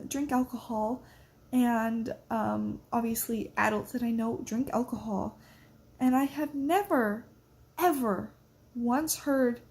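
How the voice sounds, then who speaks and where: Teen girl vlogger, high bright voice, rambling excitable casual chat. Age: teens. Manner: rambling, excitable, lots of filler words. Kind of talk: casual reading vlog chat.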